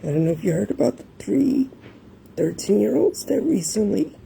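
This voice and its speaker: A middle-aged woman live streaming from home, fighting back tears as she keeps pausing to talk to her viewers. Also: medium pitch, sing-song, vocal fry, dark tone. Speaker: livestreamer. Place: home room with a fan running. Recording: noisy home livestream with fan hum.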